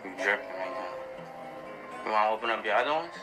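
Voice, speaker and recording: A man's voice: lowish voice, animated, fast talker. Chill guy hyping up his gift picks, slangy, music going behind him. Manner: laid-back, boastful, slangy. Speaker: boyfriend giving birthday gifts. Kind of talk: casual chat in a played home video.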